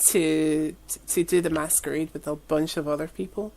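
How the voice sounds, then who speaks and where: A woman in casual podcast chat, telling animated stories and quoting herself. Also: sits low, moderate pace, gravelly. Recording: crowd noise behind.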